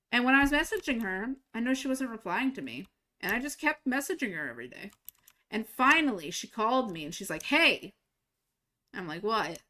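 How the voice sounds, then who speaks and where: Young woman, streamer, bright voice, casual storytelling, animated quoted lines. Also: mid-range voice. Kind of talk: casual storytelling while gaming.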